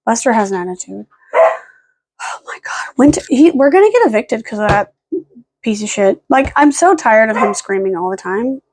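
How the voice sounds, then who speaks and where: A tired woman vlogging at home late at night, rambling and swearing, snapping sharp commands at her dogs. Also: on the high side, expressive, a little fast, slight background noise. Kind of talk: casual vlog talk.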